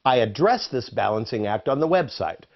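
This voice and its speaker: Man narrating, lively up-and-down voice, playful quiz style, dull lo-fi sound, faint music behind. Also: medium pitch, brisk. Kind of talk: scripted educational narration.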